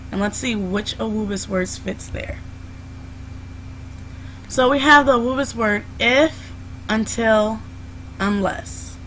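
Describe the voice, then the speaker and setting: A woman's voice: on the high side, a bit bright, a little hiss or hum, rough recording. A young woman teacher giving a recorded classroom lesson, explaining patiently step by step and starting many sentences with "so".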